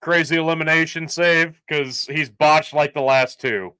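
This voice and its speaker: A man co-hosting a live wrestling watchalong, giving excited play-by-play and swearing freely. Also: a little high, moderate pace, clean tone. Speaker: watchalong co-host. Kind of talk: live reaction commentary.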